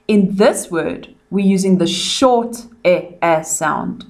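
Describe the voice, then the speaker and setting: A South African woman teaching young children, pronouncing words clearly and repeating them in a revision lesson. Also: on the low side, slow pace, few pauses, a little mellow.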